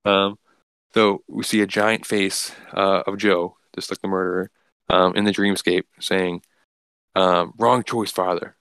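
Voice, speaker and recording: A man with a very low, gravelly voice casually recaps a comic book story. He rambles, filling gaps with "like" and restarting his sentences. The sound is dry and close. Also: flat delivery, unhurried, a bit bright, no echo.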